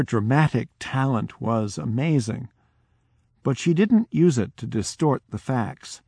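A male researcher recounts a story from his fieldwork in a slow, deliberate storytelling voice. His pace is unhurried and measured. The sound is dry and close. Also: mid-range voice, animated, vocal fry, darkish tone, husky, no room sound. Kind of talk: storytelling talk.

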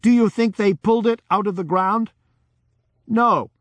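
A man voicing a forceful woman of about fifty who loudly pleads with her fellow villagers, raised in pitch above his own voice. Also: measured pace, dry recording. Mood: impassioned. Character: fierce village grandmother around fifty.

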